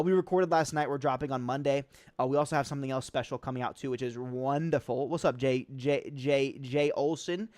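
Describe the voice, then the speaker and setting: A man's voice: a little high, no echo, clean studio sound. A young man hosting a casual livestream, answering chat questions in a loose, slangy way with lots of fillers.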